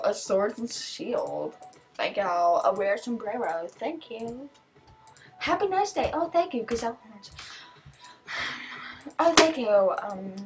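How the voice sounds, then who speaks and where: A teenage girl chatting casually as she opens gifts, excitable, gasping and thanking over and over. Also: mid-range voice. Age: teens. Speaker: vlogger opening gifts. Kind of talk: casual chat.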